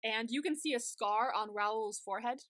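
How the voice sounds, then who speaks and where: Young woman, podcast co-host, bright voice, dry close sound, animated casual recap. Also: on the high side, moderate pace, no room sound. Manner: animated retelling with frequent "like" and fillers.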